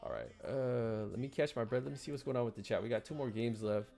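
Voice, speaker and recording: A man hosting a sports betting stream in loose, casual chat. His voice has a gravelly, creaky edge at a middling pitch. He stammers and repeats words often as he works through his picks. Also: very fast, mellow.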